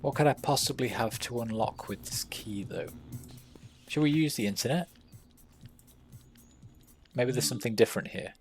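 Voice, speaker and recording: A man's voice: medium pitch, normal speed, pauses often, soft background music. A man streaming a game, with puzzled, dry asides while reading dialogue aloud. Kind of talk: casual gaming commentary, reading dialogue aloud.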